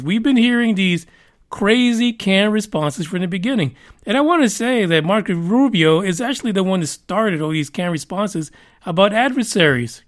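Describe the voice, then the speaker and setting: A man hosting a podcast, giving rambling, profane and sarcastic commentary on the news. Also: high-pitched. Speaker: podcast host. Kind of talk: casual news commentary rant.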